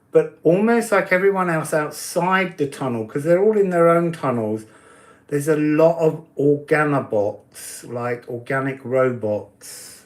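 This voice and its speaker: A man's voice: fairly high pitch, a little mellow. A man giving oracle card readings in a casual live-stream chat, talking easily, answering viewers' comments and laughing often.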